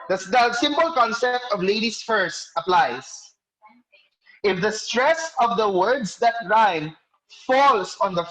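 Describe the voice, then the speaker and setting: Poor audio captures a male teacher lecturing an online class by video call in a high, fairly bright voice. He explains things slowly, calls on students by name with questions, and corrects himself in the middle of sentences.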